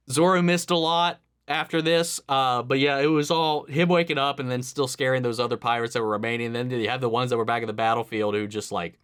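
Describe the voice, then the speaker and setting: A man's voice: mid-range voice, expressive, normal speed, a bit bright, clean tone. A man hosting an anime reaction, thinking aloud casually with frequent restarts and musing asides.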